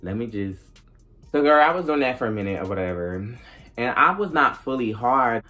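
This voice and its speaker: A young adult woman vlogging a casual storytime, animated and profane, acting out the dialogue. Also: a bass voice, a little fast.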